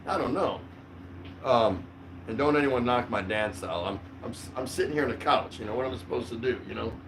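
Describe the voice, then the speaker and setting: A man's voice: medium pitch, brisk, a bit bright. A middle-aged man hosting a casual livestream chat from his couch, rambling with lots of fillers and frequent laughs. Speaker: vlogger host. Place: home, on the couch. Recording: distant mic with faint room noise.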